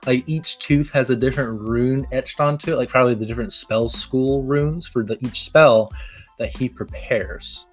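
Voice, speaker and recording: A young man chatting casually about his tabletop game character, rambling with lots of fillers and excited restarts. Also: medium pitch, normal speed, faint music behind. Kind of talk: casual chat.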